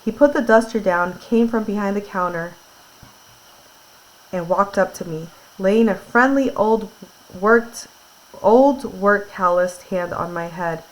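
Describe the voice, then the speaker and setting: Speaking a little slowly in a medium-pitched voice, a teacher reads a book to her class and chats through it, retelling it casually with fillers. The audio quality is poor.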